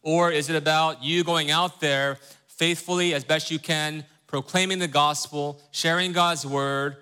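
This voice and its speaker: A man's voice: fairly high pitch, fairly even intonation, bright, forceful tone, smooth. A man teaching a Bible study who keeps asking his listeners questions and checking in with "right?", earnest and emphatic. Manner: earnest, reads scripture slowly with rising emphasis.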